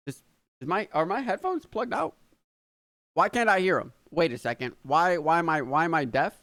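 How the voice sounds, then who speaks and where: An American man hosting a reaction video, casually chatting in an excitable, rambling way with plenty of swearing. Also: on the high side, normal speed, creaky, dry recording. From United States.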